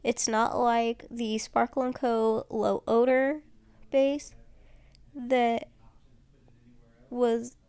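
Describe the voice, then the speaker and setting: Slow, creaky-voiced woman vlogger. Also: on the high side, flat delivery, darkish tone, dry recording. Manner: rambling, chatty, many fillers and restarts. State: tired. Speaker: nail tutorial vlogger. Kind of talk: casual tutorial chat while doing nails.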